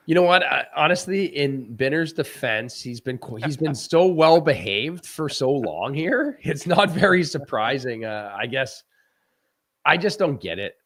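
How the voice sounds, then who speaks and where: A man, a former hockey goaltender, talking hockey in a loose, animated way with frequent restarts and laughs. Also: mid-range voice, unhurried. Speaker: former goaltender, guest analyst. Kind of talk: casual post-game chat.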